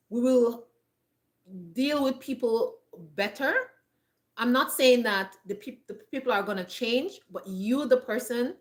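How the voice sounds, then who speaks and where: A woman's voice: fairly high pitch, a bit bright. A woman vlogger giving earnest, chatty advice to camera, often repeating herself and restarting her phrases. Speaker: lifestyle vlogger. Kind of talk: casual advice talk to camera.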